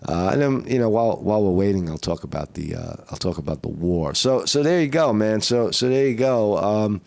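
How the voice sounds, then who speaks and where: A hoarse man talking casually on a live stream, rambling with many fillers and restarts. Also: on the low side, lively intonation, a little fast, few pauses, darkish tone, no echo. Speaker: vlogger doing a live at-home test.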